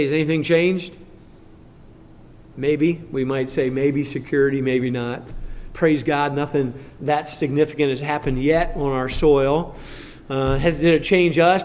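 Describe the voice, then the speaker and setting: A man's voice: on the high side, a little mellow. A man preaching a sermon in a conversational manner, rising to fervent emphasis when he reads Scripture. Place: church sanctuary. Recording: long church reverb.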